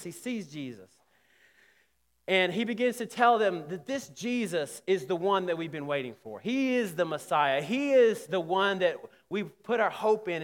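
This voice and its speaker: A man with a notably high-pitched voice gives a sermon in a conversational style. He keeps restarting his phrases and pushes up into sudden emphatic rises. His voice rings out with a long reverb, as if he is in a big sanctuary. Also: a bit bright. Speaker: pastor.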